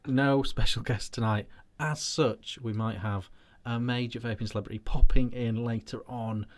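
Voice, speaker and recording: A man's voice: medium pitch, fairly even intonation, normal speed. A man hosting a casual live show, introducing segments in a laid-back way and repeating his phrases. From United Kingdom. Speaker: host.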